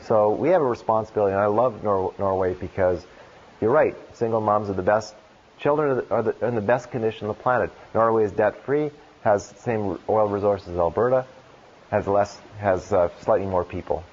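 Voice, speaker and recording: Earnest rambling man, husky lo-fi recording. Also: fairly low pitch, brisk, a little mellow. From Canada. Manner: earnest, rambling, with restarts and rhetorical questions. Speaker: keynote speaker. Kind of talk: conference Q&A answer. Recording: dull lo-fi lecture recording.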